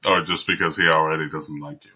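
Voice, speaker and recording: A man's voice: extremely low pitch, fairly even intonation, quick pace, pushed and bright. A man narrating as game master of a tabletop game, with dry, teasing remarks. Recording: dull lo-fi sound.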